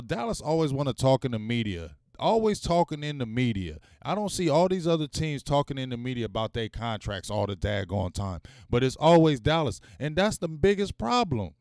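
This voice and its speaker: On his live-streamed sports talk show, a man speaks at normal speed with a smooth, medium-pitched voice. He's animated, calling out to viewers in casual slang. The audio is dry and clean, studio quality.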